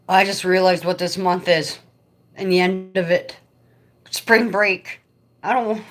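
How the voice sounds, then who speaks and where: A woman hosting a casual livestream from home, chatting excitedly with viewers by name, talking into a phone propped up in front of her. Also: lowish voice, takes it slowly, pauses often. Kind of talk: casual live chat.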